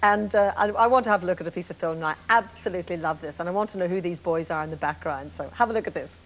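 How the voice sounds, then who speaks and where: A woman's voice: on the low side, very fast, poor audio. A woman hosting a television talk show, introducing guests and asking questions. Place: TV studio.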